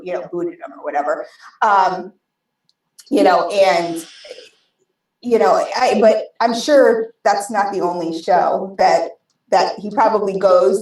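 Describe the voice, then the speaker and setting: A woman's voice: medium pitch, steady tone, normal speed, a little mellow. Rambling American woman in an echoey room. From United States. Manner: rambling, full of restarts and fillers. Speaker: guest vape show host. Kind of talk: casual podcast chat. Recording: roomy, distant mic.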